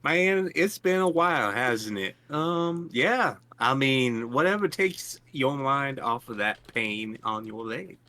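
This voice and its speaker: A man's voice: mid-range voice, animated, takes it slowly, few pauses, pushed and bright, dry recording. A man voicing a folksy male adventurer with a Southern US accent. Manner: drawling, folksy.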